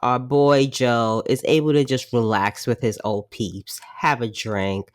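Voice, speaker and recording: A woman's voice: a bass voice, steady tone, unhurried, no room sound. A woman hosting a podcast, recapping a drama episode in a chatty, wry way and saying "like" often. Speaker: podcast host. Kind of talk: casual drama recap commentary.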